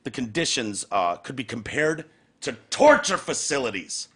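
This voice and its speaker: Sarcastic profane podcast host, bright voice. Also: male voice, mid-range voice, very animated, moderate pace, husky. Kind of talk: casual chat.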